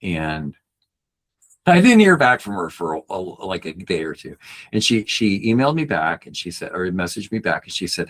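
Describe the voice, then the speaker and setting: With a sing-song, slightly bright voice at a moderate pace, this middle-aged podcast guest earnestly shares a personal story. Whenever he quotes someone, he acts them out in a higher pitch.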